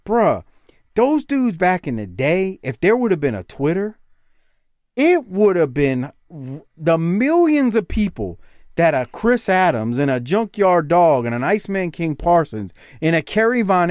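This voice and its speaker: A man in casual podcast talk who gets excited fast, swearing and drawing out words for emphasis. His pitch swings up and down with a lively bounce, and the sound is close and dry. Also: no echo. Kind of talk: casual chat.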